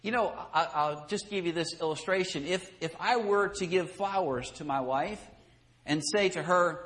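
A man's voice: sits high, normal speed, fairly bright tone. A middle-aged man preaching a Sunday school lesson, folksy and conversational, building emphasis and chuckling at his own asides. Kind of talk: sermon.

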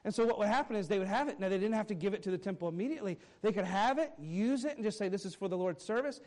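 High-voiced man preaching a sermon. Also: animated, very fast, a little mellow. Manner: earnest, emphatic preaching with asides. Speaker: pastor.

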